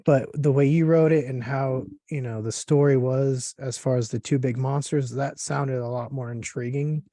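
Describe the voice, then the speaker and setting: A man hosting a casual interview, talking in a relaxed, rambling way with lots of fillers. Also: medium pitch, normal speed, no room sound, studio quality. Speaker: podcast host.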